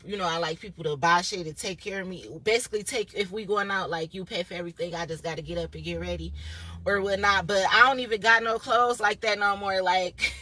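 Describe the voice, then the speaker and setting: Blunt, husky-voiced young woman vlogging. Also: mid-range voice, steady tone, a little fast, sharp tone. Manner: blunt, profane, rambling. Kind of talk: casual chat to camera.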